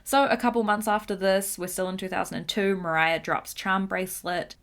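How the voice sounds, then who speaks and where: A woman's voice: lowish voice, a bit bright. A woman hosting a casual pop-culture commentary show, chatty and giggly, swearing now and then. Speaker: host.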